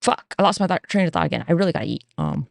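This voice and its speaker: A woman's voice: fairly low pitch, racing, creaky, dry recording, studio quality. A young woman hosting her own podcast, rambling and swearing freely in a casual solo rant. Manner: swears a lot, rambling, animated. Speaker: podcast host.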